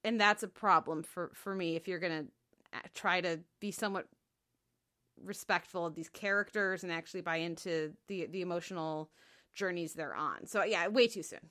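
A woman's voice: fairly low pitch, moderate pace, pushed and bright. A woman hosting a TV podcast in casual chat, talking through her analysis with many fillers and laughs. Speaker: podcast co-host.

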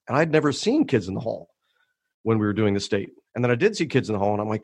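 Low-voiced middle-aged guy telling comedy stories on a podcast, bone dry close mic, laughs a lot. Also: very fast, creaky, slightly rough, no echo. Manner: animated storyteller, laughs often, acts out quotes. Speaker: comedian guest. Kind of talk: casual podcast conversation.

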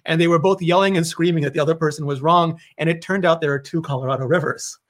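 A man talking in a casual, animated conversation, telling stories and laughing easily. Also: fairly high pitch, quick pace.

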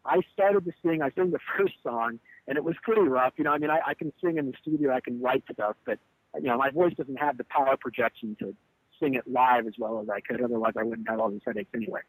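A husky, medium-pitched man speaks fast as he relates, in a candid interview, a heated tour story about a bandmate abandoning a show. The band leader swears and acts out the quotes with animation. No echo, low-quality recording.

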